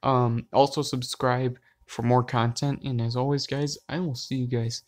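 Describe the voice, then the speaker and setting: A gaming host in the middle of a let's play, voice sitting at an ordinary middle pitch. The talk is casual and addressed to viewers, breaking into startled, loud, profane outbursts. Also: normal speed. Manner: excitable, loud outbursts, frequent swearing; talks straight to viewers.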